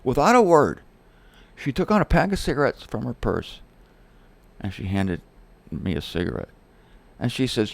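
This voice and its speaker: Lively man telling a story. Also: mid-range voice, moderate pace, vocal fry, no room sound. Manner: animated, quoting others in acted-out voices. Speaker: host. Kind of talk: casual storytelling monologue.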